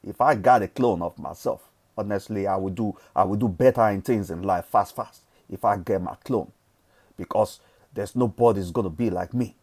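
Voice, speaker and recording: Preachy Nigerian man, low mellow voice. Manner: preachy and emphatic, repeats phrases, swears casually. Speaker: forex trading vlogger. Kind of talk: motivational monologue.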